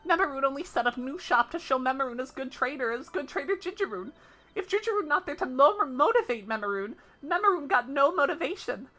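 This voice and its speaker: A woman's voice: high-pitched, expressive, fairly quick, bright, forceful tone, pitched above the performer's own voice. A woman voicing a small, anxious merchant who speaks broken English and refers to himself in the third person. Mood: earnest.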